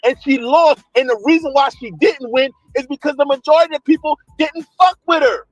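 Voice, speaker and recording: A man's voice: very high-pitched, steady tone, fairly quick, no echo, lo-fi sound. A man in a heated debate who talks insistently and keeps demanding to finish his point.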